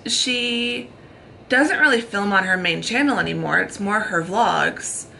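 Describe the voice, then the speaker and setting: A woman's voice: medium pitch, measured pace, gravelly, sharp tone, slight background noise, poor audio. An American woman in her thirties chatting at length in a casual, rambling way while getting ready in a hotel room. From United States. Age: 30s. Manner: chatty, talks in long run-on thoughts. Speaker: vlogger. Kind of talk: casual chat.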